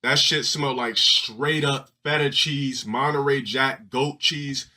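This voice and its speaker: A man's voice: mid-range voice, steady tone, slow pace, pushed and bright. A man streaming live and telling crude, rambling stories to his viewers, swearing and restarting often. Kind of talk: casual profane storytelling to a live audience.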